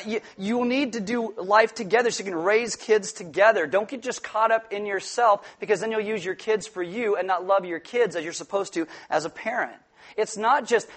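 Middle-aged male pastor with a high voice, jokey and animated, acts out quotes while preaching. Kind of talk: sermon.

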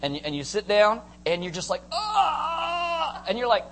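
A man preaching a sermon to a congregation, animated, acting out scenes and joking with the crowd. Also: high voice, fast, a little hiss or hum. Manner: animated, acts out screams and jokes with the congregation. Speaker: pastor.

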